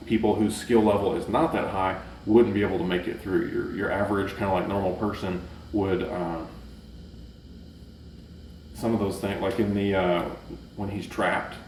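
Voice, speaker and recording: Casual movie-review vlogger, man, low voice, filler-heavy rambling, recorded off-mic in an echoey room. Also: a little mellow, a little hiss or hum. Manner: rambling, many fillers and restarts. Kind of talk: casual chat. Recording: roomy echo, mic at a distance.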